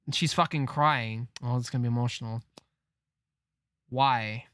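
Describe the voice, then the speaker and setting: A man reading a comic aloud on a live stream, reacting with disbelief and frequent swearing as he thinks out loud. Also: mid-range voice, fairly even intonation, quick pace, no room sound, clean studio sound.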